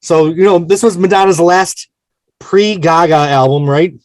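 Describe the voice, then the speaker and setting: A man's voice: high-pitched, normal speed, darkish tone, dry recording. Chatty man hosting a music podcast. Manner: chatty, self-mocking, frank. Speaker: podcast host. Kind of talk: casual album discussion.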